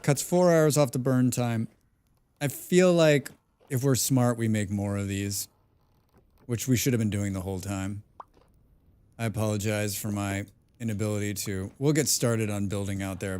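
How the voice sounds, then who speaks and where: A man's voice: on the low side, darkish tone, smooth. Chatty man streaming a game. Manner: chatty, hums and mumbles nonsense sounds between remarks. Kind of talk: casual live-stream chat while playing.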